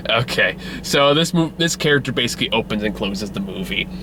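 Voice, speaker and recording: A man's voice: lowish voice, animated, fairly quick, noisy background. Joking young man reviewing a movie. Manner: joking, acts out quotes, laughs often. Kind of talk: casual review chat.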